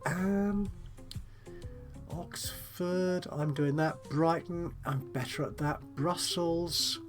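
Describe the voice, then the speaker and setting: Slow, musing man. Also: on the high side, music in the background. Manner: musing, self-deprecating, politely chatty. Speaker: let's play host. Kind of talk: gameplay commentary, thinking aloud.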